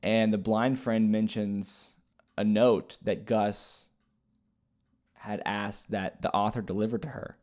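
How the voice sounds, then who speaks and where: A man's voice: lowish voice, steady tone, slow, a little mellow. A man casually retelling a movie plot as a reviewer, rambling and hesitant with many fillers and restarts. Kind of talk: casual spoken movie recap.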